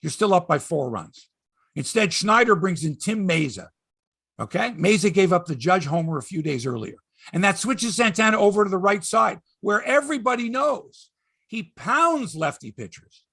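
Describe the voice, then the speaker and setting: Exasperated ranting man, gravelly and lively. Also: normal speed. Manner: exasperated, emphatic, swings from loud outbursts to low mutters; swears for emphasis. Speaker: sports podcast host. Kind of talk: ranting sports commentary monologue.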